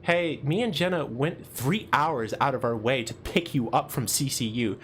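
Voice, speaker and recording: Brief: man reading a friendly young guy from a game story who lightly scolds a buddy, mid-pitched. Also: moderate pace, fairly bright tone, a little hiss or hum, lightly acted. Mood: scolding.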